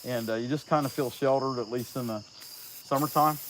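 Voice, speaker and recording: A man's voice: medium pitch, fairly even intonation, a little fast, fairly bright tone, slight background noise, rough recording. Folksy Ohio man chatting on a livestream. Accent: Appalachian Ohio. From Southeast Ohio, US. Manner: folksy, joking, reads out viewer names. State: out of breath. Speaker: chainsaw carver livestreaming. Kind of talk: casual livestream chat while working. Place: outdoors at a rural carving spot.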